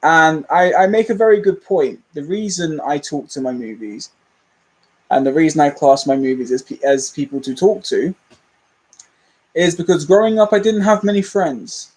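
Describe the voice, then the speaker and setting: A man's voice: fairly high pitch, moderate pace, breathy edge, rough recording. A young man, rambling candidly and self-deprecatingly as a movie channel host in a casual livestream chat.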